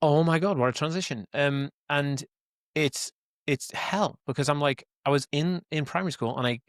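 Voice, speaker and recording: A man's voice: fairly high pitch, normal speed, no room sound, studio quality. A Welsh man in his forties, telling his life story as an interview guest in a rambling, earnest way, full of "like" and "right?". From Wales. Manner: rambling, lots of "like" and "right?", repeats words; earnest and emphatic, addresses listeners as guys. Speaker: interview guest, autism advocate. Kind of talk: casual storytelling in a conversation.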